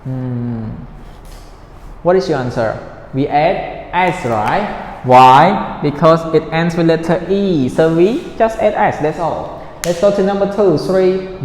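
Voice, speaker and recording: Man, teacher, slow and patient drilling, fairly high voice, echoey room with long reverb. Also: animated, a little mellow. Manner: slow, patient, drills words and repeats them; ends points with a checking "right?". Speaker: English teacher. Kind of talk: recorded grammar lesson for children. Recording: roomy echo, long reverb, faint noise.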